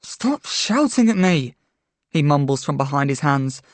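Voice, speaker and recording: A woman's voice: low-pitched, big pitch swings, a little slow, no room sound, voice pushed down. A woman reading a story aloud and voicing a withdrawn teenage boy who mumbles and slurs his words.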